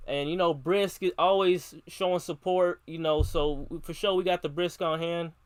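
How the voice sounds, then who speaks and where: A man's voice: fairly high pitch, fairly even intonation, moderate pace, clear, resonant tone, no room sound. A man streaming live, reading a children's book aloud in a slangy, casual way and repeatedly tacking on a catchphrase between lines.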